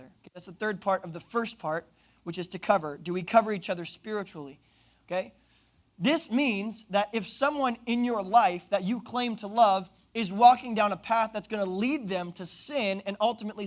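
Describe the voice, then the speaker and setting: A young man from Oklahoma preaching a youth sermon, telling stories with jokes and quick asides. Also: sits high. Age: young adult. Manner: animated, joking storyteller with asides. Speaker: youth pastor.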